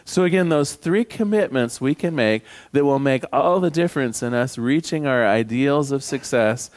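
A man's voice: mid-range voice, normal speed, a little mellow. Joking, conversational male pastor. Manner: conversational and humorous, tells jokes to the congregation. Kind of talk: sermon.

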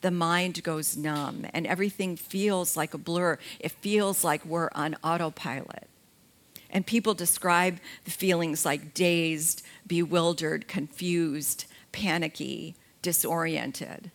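A middle-aged woman talks about grief, unhurried and gentle. Her voice sits fairly low and she moves at a very slow pace, letting pauses hang between phrases. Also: fairly even intonation. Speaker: grief educator. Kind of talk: spoken talk on grief.

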